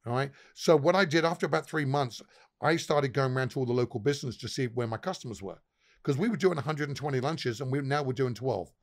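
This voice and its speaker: A pub owner appearing as a guest tells profane anecdotes in a casual storytelling chat, laughing often. He speaks quickly at a medium pitch.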